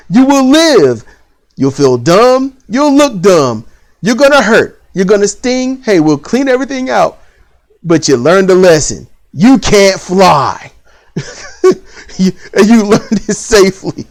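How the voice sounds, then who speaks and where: A vlogger ranting bluntly about parenting and school in a casual, repetitive way, with lively rises in pitch. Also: measured pace. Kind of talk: opinion rant to camera.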